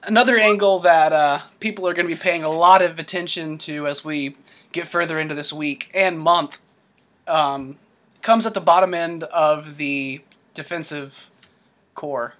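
Male podcast host, slightly high, analytical, chatty, quick to chuckle. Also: fairly even intonation, a bit bright. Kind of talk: casual sports chat.

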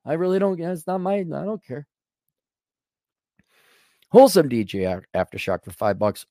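A man's voice: mid-range voice, big pitch swings, a little fast, a little mellow, dry recording. Sarcastic man ranting, dry mic. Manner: sarcastic, blunt, acts out imagined dialogue. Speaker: livestream host reading donations. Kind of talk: casual ranting monologue.

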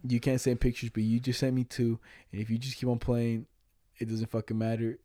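Young male podcast co-host, casual profane storyteller, mellow tone, dry close sound. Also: medium pitch, fairly quick, no echo. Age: 20s. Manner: animated, profane, retelling chats with quoted lines.

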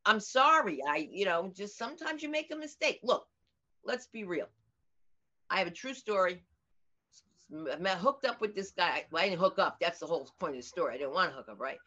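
A woman's voice: lowish voice, animated, brisk, bright, forceful tone. An older woman comedian chatting in an interview, telling stories animatedly and acting out the voices of people she quotes. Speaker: comedian guest. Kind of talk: casual interview chat. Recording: dull lo-fi audio.

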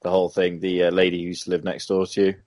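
A man's voice: deep voice, completely flat delivery, very fast, a little mellow, no room sound. A man chatting casually with a friend and laughing easily. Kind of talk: casual chat.

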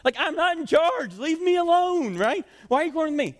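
A man's voice: high voice, very animated, normal speed, a little mellow, long reverb tail. A man voicing an exasperated, fed-up male leader who pleads in a whiny way.

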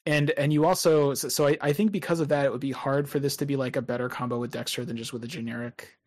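A man's voice: mid-range voice, fairly even intonation, quick pace, darkish tone. Chatty man thinking aloud about games. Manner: thinks aloud with many restarts and hedges. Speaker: podcast co-host. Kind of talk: casual card game discussion.

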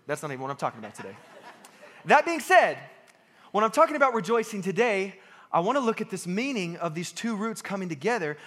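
A young American pastor preaching a sermon, lively and self-deprecating, repeating phrases for emphasis. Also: male voice, on the high side.

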